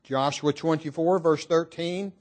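A man preaching a sermon in an earnest, emphatic, measured way. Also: a little high, fairly even intonation.

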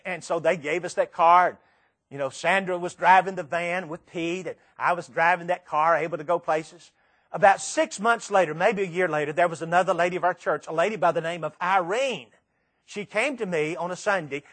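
Middle-aged man, high-pitched, emphatic sermon storyteller who leans on pauses and repetition. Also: fairly bright tone. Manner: emphatic storytelling with dramatic pauses and repeated phrases. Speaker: preacher.

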